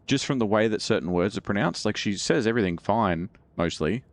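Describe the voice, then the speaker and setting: Low-voiced guy doing let's-play commentary, chatty, thinks out loud. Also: expressive, brisk, dry recording. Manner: chatty, muses aloud, jumps in pitch when surprised. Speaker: streamer playing a game.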